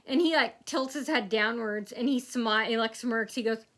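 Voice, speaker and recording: A young woman talks straight to camera and rambles through a story, stopping often to act out what others said. Her voice is bright and fairly high. She keeps circling back with fillers and restarts. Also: moderate pace. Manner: rambling, acts out quotes in a loud shouting voice. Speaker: vlogger. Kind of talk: casual storytelling monologue.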